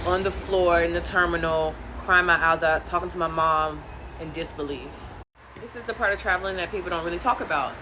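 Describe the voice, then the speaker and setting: A young woman telling a dramatic travel story to her viewers in an animated vlog. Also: lowish voice, noisy background. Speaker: travel vlogger.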